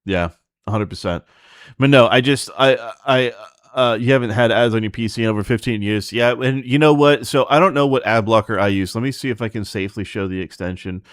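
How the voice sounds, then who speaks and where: A man's voice: mid-range voice, fairly quick, no room sound, studio quality. A man hosting a livestream, talking casually in a blunt, profane, ranting way to his chat. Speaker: streamer host.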